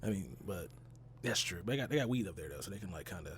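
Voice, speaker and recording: A man's voice: deep voice, animated, quick pace, a bit bright, slight background noise. A man from Texas hosting a casual gaming podcast, talking loosely and rambling with easy laughs. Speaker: podcast host.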